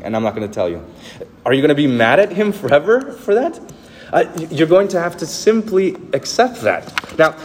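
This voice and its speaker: A man's voice: medium pitch, slight background noise. A man preaching a sermon in an earnest manner, acting out the voices of the people he quotes. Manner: earnest, acts out quoted speech. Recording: reverberant hall, faint ambience.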